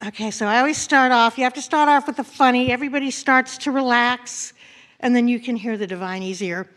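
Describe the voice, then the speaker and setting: In a church sanctuary, a senior minister, a woman whose voice sits on the high side, greets the congregation before leading a slow, gentle meditative prayer.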